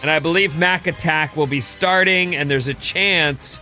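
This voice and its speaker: A man's voice: a little high, moderate pace, bright, forceful tone, faint music behind. A middle-aged man co-hosting a morning radio show, upbeat and teasing, reading ads and news. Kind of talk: casual radio banter and ad reads.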